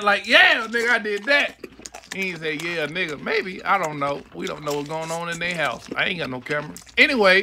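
A streamer doing casual reaction commentary, swearing freely and shouting questions back at the screen. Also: medium pitch. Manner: profane, exclaiming, talking back to the screen. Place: home streaming setup. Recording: noisy stream mic.

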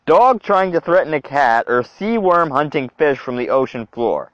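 Young male creator reacting on camera; somewhat high, animated voice, muffled dry recording. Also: moderate pace, dry recording. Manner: animated, exclaiming, talks to himself. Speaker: video creator. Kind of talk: reaction commentary.

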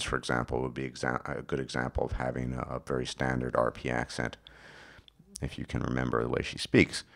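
A hoarse man giving an unscripted video lecture, explaining at a halting pace with frequent restarts and self-corrections. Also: rumbling low, fairly bright tone.

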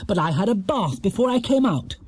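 A man's voice: high-pitched, sing-song, a little fast, darkish tone, breathy edge, no echo, pitched above the performer's own voice, heavily acted. A man voicing a polite, earnest young male bear in a storybook reading.

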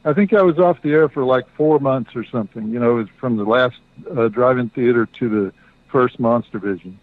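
A middle-aged man telling a story as a guest, halting, with many fillers and restarts. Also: mid-range voice, dry recording. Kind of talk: casual storytelling. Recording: dry tinny phone-like line.

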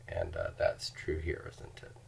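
A man with a very deep, low-pitched voice gives a recorded grammar lecture. He explains patiently, walking through word forms one by one and repeating them aloud for his students. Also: very animated, a little slow, creaky, slight background noise. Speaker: Greek teacher.

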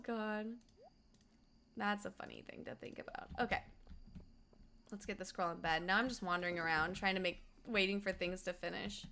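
A young woman from Colorado chatting casually and quickly while streaming a game, reading out chat and humming along. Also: mid-range voice, bright, forceful tone. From Colorado, USA. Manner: fast-talking, chatty, reads chat aloud, hums along.

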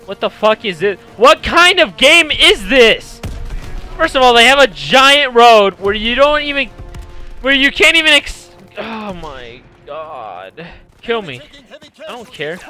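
A young man giving loud, profane, jumpy gameplay commentary, his voice going hoarse from yelling. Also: high-pitched, big pitch swings, measured pace, faint music behind. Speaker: gaming streamer.

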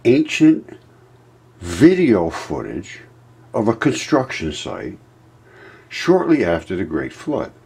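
A man's voice: on the low side, wildly swooping pitch, slow pace, creaky, long pauses, darkish tone, slightly rough. A man casually commenting over video footage and retelling a scene in a rambling way. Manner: rambling storytelling with restarts.

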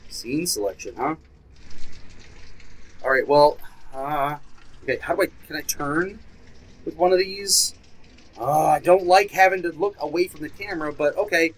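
Playing a horror game in virtual reality, this male YouTuber offers running commentary laced with yelps and swearing, jumpy and talking back to the game, likely via a headset mic. His voice is a little high, and he keeps a moderate pace with frequent pauses on a rough recording.

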